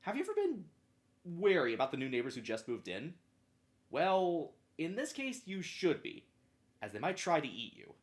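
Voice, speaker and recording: A man's voice: a little high, wildly swooping pitch, moderate pace. A man narrating a scripted retrospective about children's television in a wry, playful way. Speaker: host of a retrospective show.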